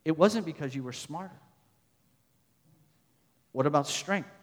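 A man delivers a sermon in a slightly high voice, reading scripture aloud and hammering his points through repetition. His voice swells for emphasis, then drops soft. A long reverb trails each phrase, as in a large hall. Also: expressive, unhurried. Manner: emphatic, rising to loud stresses then dropping soft; repeats phrases, reads scripture verses aloud. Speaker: pastor.

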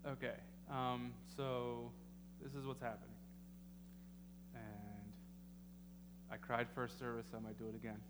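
A man preaching a sermon as pastor, halting with many ums and emotional at times. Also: mid-range voice, flat delivery. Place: church sanctuary. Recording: echoey hall with faint noise.

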